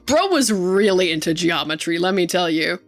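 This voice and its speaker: A young adult woman streamer in casual live-stream chat, excitable and gushing, laughing often and swearing freely at a desk microphone. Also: on the low side, normal speed, soft background music.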